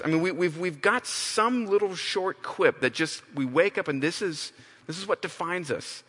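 A man's voice: fairly high pitch, animated, moderate pace, fairly bright tone. A man preaching a sermon, emphatic, often restarting and repeating phrases. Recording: long hall reverb.

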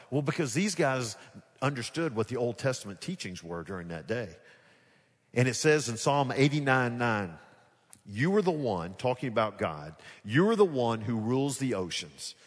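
Pastor guy preaching, lowish voice, goes quiet then loud and animated, big echoey hall. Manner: swings from hushed to loud, animated acting-out. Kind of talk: sermon. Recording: long hall reverb.

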